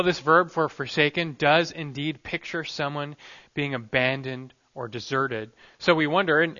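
A man preaching an expository sermon as pastor, earnest and emphatic, often letting the ends of his phrases drop soft. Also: fairly high pitch. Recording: dull lo-fi recording.

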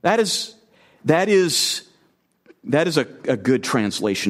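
A man's voice: on the high side, very animated, normal speed. A man preaching an expository sermon as a guest speaker, earnest and emphatic, often repeating phrases and asking the listeners questions.

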